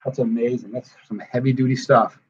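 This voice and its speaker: A tired livestream host with a husky, mid-range voice chats casually at a brisk pace and keeps his tone steady. He rambles effusively while thanking viewers one by one, over dull lo-fi stream audio.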